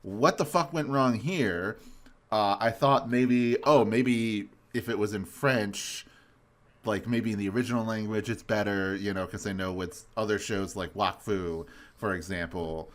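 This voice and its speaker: A man's voice: on the low side, unhurried. A man co-hosting a podcast in loose, rambling casual chat and laughing often. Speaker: podcast co-host.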